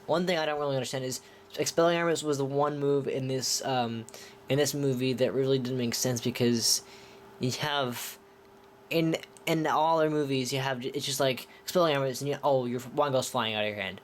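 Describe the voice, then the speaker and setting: A man reviewing films in a loose, chatty way, often stopping to restart his sentences. His voice sits at an ordinary mid pitch, and he sounds enthusiastic about what he describes. A faint hiss runs under the recording. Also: moderate pace. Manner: rambling, with many restarts. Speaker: film reviewer. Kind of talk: casual movie review.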